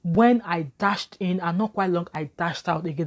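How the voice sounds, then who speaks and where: A woman's voice: fairly low pitch, moderate pace, few pauses, a little mellow. A woman with a Nigerian English accent, telling a storytime vlog in an emphatic, repetitive way. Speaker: vlogger.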